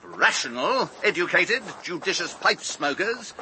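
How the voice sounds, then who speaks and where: An actor playing a scheming, sneering villainous schoolmaster in a comic radio play. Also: male voice, sits high, sing-song, sharp tone, a little hiss or hum, exaggerated voice. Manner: smug, sneering, drawn-out menace.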